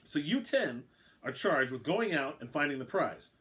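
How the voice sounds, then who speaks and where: A man reading aloud raises his voice above its usual pitch to play a brash, sarcastic alien game announcer. At a moderate pace, he rattles off rules impatiently in a chatty, flippant way, his delivery rising and falling with energy. Questions seem to irritate him.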